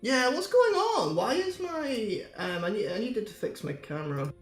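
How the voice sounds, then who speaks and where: A man's voice: sits high, sing-song, moderate pace. Streamer guy, rambly chat, lots of laughs, faint music behind. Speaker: live streamer. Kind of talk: casual chat with viewers.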